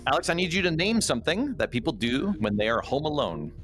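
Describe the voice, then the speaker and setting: A woman's voice: low-pitched, sing-song, fast talker. A woman hosting a streamed game show, playful and teasing, with sarcastic asides to the contestants.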